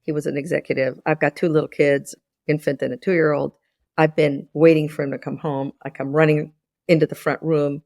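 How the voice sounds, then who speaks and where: Gravelly, low-voiced woman in her sixties. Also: brisk, no room sound, clean studio sound. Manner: animated storyteller who acts out dialogue with repeated restarts. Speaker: guest, former business school lecturer. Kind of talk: podcast interview, teaching through anecdote.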